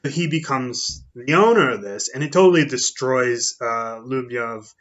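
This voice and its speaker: A man's voice: medium pitch, lively intonation, unhurried, a bit bright. A man giving a casual spoken book review, rambling and thinking aloud in a conversational way. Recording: dull lo-fi recording.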